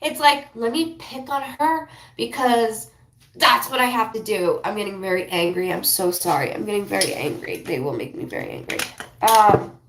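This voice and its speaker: A woman's voice: mid-range voice, fairly bright tone, slight background noise. Rambling emotional woman in an echoey room. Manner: rambling, emotional, channels speech in quick bursts. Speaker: psychic reader. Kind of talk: live psychic reading stream.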